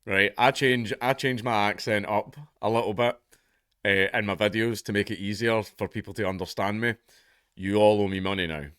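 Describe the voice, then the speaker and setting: A man's voice: lowish voice, steady tone, normal speed, bright, forceful tone, clean tone, no room sound, studio quality. A man in his thirties with a Scottish accent, ranting sardonically through casual commentary and swearing freely.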